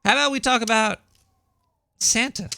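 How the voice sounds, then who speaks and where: A man voicing a paranoid cartoon rat host with a shrill voice and a Brooklyn accent, rambling conspiratorially with many stumbling restarts. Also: moderate pace, creaky, bright, forceful tone, no room sound, studio quality, exaggerated voice. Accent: Brooklyn New York. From Brooklyn, New York. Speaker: podcast host. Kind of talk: rambling comedic monologue. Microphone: home setup.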